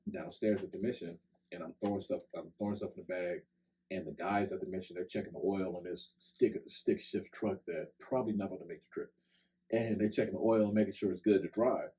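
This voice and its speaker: Very deep-voiced man telling a story. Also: warm tone, slight background noise, low-quality recording. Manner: loose, conversational, many "like" and "right?" fillers. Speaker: podcast co-host. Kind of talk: casual storytelling chat. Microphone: podcast microphone.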